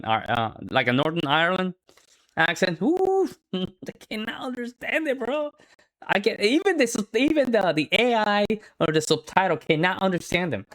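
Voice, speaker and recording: A man from the States gives casual reaction commentary. His voice sits a little higher than most men's. He talks in a loose, slangy way, throwing in plenty of "man" and "bro". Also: a bit bright. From United States. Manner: laid-back, slangy, calls listeners man and bro. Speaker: reaction video host.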